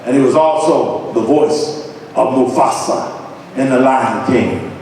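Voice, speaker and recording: A man's voice: mid-range voice, a little slow, darkish tone, a little hiss or hum. A man from Ohio giving a motivational lecture, with an emphatic, dramatic preaching cadence and chanted refrains. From Columbus, Ohio. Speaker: motivational speaker. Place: large hall. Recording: echoey hall from far off.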